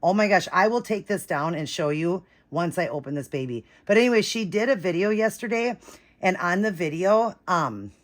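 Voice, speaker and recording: A woman vlogging an unboxing, gushing and breathless, shaky with excitement, repeating herself as she talks to viewers. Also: fairly low pitch, normal speed. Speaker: vlogger unboxing a reborn doll.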